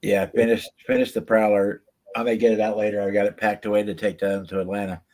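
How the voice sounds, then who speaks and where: A man's voice: fairly low pitch, flat delivery, quick pace, darkish tone. A man guesting on a hobby livestream, chatting in an easygoing way about his builds. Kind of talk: casual chat.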